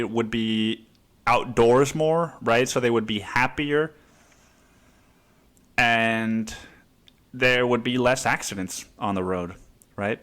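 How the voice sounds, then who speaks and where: A man's voice: medium pitch, fairly bright tone. A man hosting a podcast, ranting casually and rambling with lots of cursing and "dude.". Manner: rambling, heavy cursing, says "dude" a lot. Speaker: podcast host. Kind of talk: casual profane rant.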